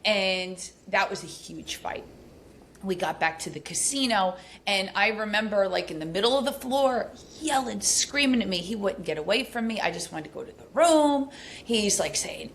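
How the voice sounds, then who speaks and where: A woman's voice: animated, a little hiss or hum. Candid woman telling a painful story. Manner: rushed, candid, many fillers, pitch rising as she relives anger. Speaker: podcast guest. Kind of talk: emotional personal storytelling.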